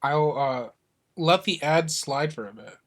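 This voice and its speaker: A man's voice: a little high, unhurried. A man streaming a game playthrough, chatting loosely and rambling, with casual swearing. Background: game music.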